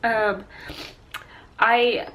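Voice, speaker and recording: A woman's voice: on the high side, steady tone, very slow, noisy background. Tearful, congested young woman vlogging. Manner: rambling, many fillers and restarts. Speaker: vlogger, stay-at-home mom. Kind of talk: casual personal vlog.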